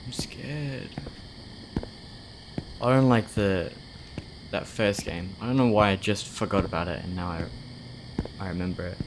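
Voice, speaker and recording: A man with a lowish voice talks his way through a horror game, nervous and easily startled, talking back at the screen. A clear background hum sits under his voice. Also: steady tone, normal speed. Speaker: game streamer. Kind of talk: let's play commentary.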